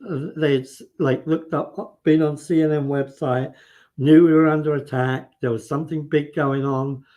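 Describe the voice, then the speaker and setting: Guy with a slightly high voice telling his story, acts out the quotes, lots of restarts. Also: fairly even intonation, moderate pace, lo-fi sound. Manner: vivid retelling with quoted dialogue and restarts. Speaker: guest. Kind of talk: casual storytelling.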